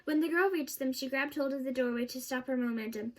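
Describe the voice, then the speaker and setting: A woman reading a children's novel aloud, steady storytelling with small slips and restarts. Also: high voice, fast. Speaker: audiobook reader.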